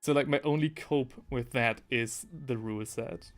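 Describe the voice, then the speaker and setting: A man's voice: medium pitch, moderate pace, faint music behind. Rambling man hosting a painting stream. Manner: rambling, self-correcting, reads chat aloud. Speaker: livestream host painting miniatures. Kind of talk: casual live-stream chat. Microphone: headphones with desk mic.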